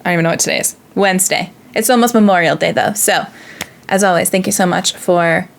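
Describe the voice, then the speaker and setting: A woman's voice: on the low side, quick pace, gravelly. A woman hosting a reaction video, talking casually in an earnest, emotional way and thinking aloud.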